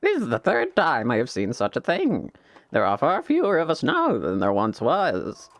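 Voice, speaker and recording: A man voicing a crazy old man warrior, a weary veteran of many wars, in a high, cracked old-man voice. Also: huge pitch swings, moderate pace, no room sound. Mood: grave.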